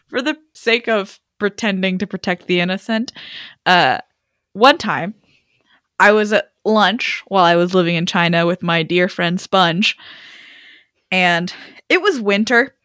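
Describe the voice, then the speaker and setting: A young adult woman co-hosting a podcast, telling a funny travel story in an animated, rambling way with lots of "like" fillers. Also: mid-range voice, unhurried, smooth, dry recording, studio quality. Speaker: podcast co-host. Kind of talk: comedic storytelling.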